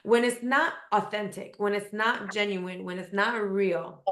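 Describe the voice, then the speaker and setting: A woman's voice: medium pitch, measured pace, a bit bright, echoey room, a little hiss or hum. A woman guest in an interview, telling a personal story earnestly and emphatically, often repeating words for weight.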